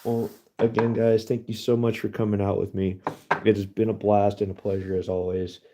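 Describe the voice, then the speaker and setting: A low, gravelly man talks his viewers through his work in a chatty, easygoing way, calling them guys and laughing often. His voice is dark and mellow and going hoarse from the night cold. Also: level tone, moderate pace. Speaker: livestream host. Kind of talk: casual live-stream commentary.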